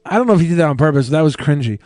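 High-voiced man reading with mock solemnity. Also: animated, racing, darkish tone, dry recording, studio quality. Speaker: podcast co-host. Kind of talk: comedic podcast banter.

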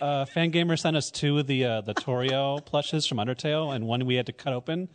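A podcast co-host telling stories in casual chat, with many fillers. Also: mid-range voice. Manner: rapid storytelling with fillers.

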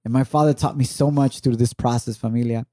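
A man's voice: medium pitch, fairly even intonation, fairly quick, mellow, no room sound, clean studio sound. A middle-aged man co-hosting a podcast, talking earnestly and reflectively with his wife and encouraging listeners. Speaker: podcast co-host. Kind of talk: heartfelt conversation with his wife.

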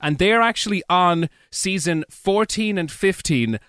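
A man's voice: high voice, animated, unhurried, fairly bright tone, clean tone, no room sound, studio quality. A man with an Irish accent, a podcast guest chatting casually, joking and rambling with frequent restarts. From Ireland. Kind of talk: casual chat.

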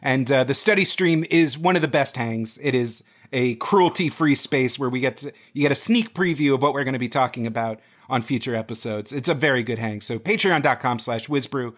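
A man co-hosting a casual podcast, joking in a dry, deadpan way. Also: mid-range voice, a little fast, hardly any pauses. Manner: dry, jokey, deadpan asides. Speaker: podcast co-host.

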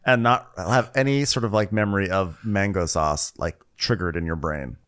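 A man with a fairly low voice riffs through a comic TV recap on a podcast. He rambles, stacks up fillers, and builds absurd jokes. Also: moderate pace, fairly bright tone, clear, resonant tone. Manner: rambling, riffing, many likes and ums. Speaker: podcast co-host.

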